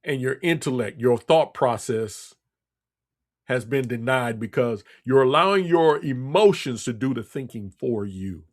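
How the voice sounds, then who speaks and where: A man's voice: mid-range voice, animated, measured pace. A man hosting a radio talk show, delivering a blunt, scolding political monologue with lots of repetition. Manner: blunt, scolding, repeats himself.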